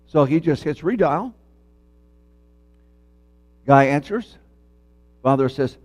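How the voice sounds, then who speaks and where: A man preaching a sermon in church, telling a folksy story and then speaking in a measured, earnest way. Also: fairly high pitch, lively intonation, darkish tone, no echo. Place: church sanctuary.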